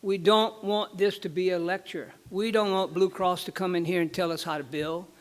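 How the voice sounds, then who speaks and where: A man giving a folksy conference presentation as a regulatory board member, telling jokes and often repeating his words. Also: high-pitched. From Louisiana.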